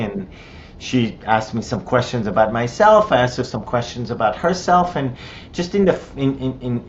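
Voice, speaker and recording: A middle-aged Israeli man, a native Hebrew speaker with an Israeli accent, gives personal testimony as an interview guest. He tells his story conversationally, with many restarts and fillers. The recording sounds slightly dull and carries a faint rumble.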